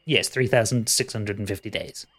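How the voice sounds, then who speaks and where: A man's voice: fairly low pitch, steady tone, normal speed, fairly bright tone. A man playing a jailer in a tabletop game, smug and matter-of-fact with some stumbling. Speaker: game master. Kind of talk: in-character tabletop role-play.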